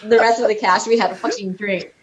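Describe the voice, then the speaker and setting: A woman's voice: medium pitch, steady tone, fast, poor audio. A woman in her thirties, a film director as a podcast guest, telling stories with lots of energy, laughter and swearing. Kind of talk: casual podcast interview.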